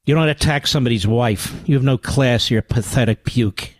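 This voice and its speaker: A man's voice: a little fast, no echo. An older man hosting a political radio talk show, combative and mocking, sarcastic in tone. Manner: swings from low growls to high exclamations. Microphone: studio microphone.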